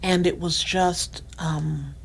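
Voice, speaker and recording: A middle-aged woman guest on a podcast, telling a deeply personal story in a soft voice that sometimes sinks to near-whispers. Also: fairly even intonation, takes it slowly, vocal fry, husky, rough recording. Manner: soft-spoken, drops to near-whispers at tender moments.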